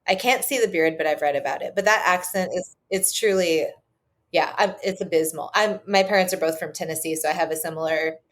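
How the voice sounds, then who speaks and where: Enthusiastic low-voiced woman guest. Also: fairly quick. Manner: enthusiastic, chatty, many "like" and "um". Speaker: guest historian. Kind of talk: casual chat.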